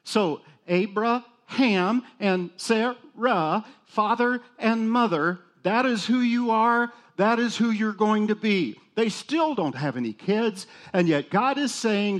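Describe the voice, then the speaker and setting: A man's voice: high-pitched, animated, takes it slowly, hardly any pauses. A male pastor preaching a sermon in a conversational, self-deprecating way with jokes.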